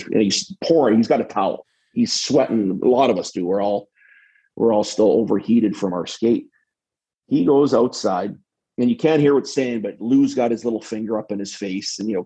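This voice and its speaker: A middle-aged man, a former hockey player, telling rambling, animated locker-room stories with many restarts. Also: fairly low pitch, creaky, husky, low-quality recording. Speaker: podcast guest, former pro hockey player. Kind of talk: casual storytelling.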